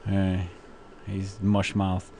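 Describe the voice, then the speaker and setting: A man's voice: sits low, monotone, very slow, dark tone, a little hiss or hum. Joking male radio host. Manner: joking, laughs often, mocking. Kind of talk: casual radio chat. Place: college radio studio.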